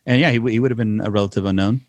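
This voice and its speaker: A man's voice: on the low side, fairly even intonation, very fast, dry recording. Laid-back man in casual banter. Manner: laughs often, loose opinionated banter with swearing. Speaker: podcast co-host. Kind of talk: casual chat.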